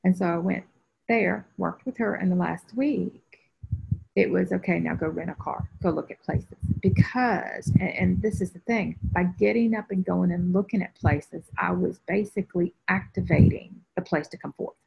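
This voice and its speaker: Speaking at a normal pace in a fairly low, gravelly voice, a woman spiritual teacher recounts a personal story to a group video call. She's a lively storyteller who acts out quoted voices; background noise mixes into the dull, lo-fi audio.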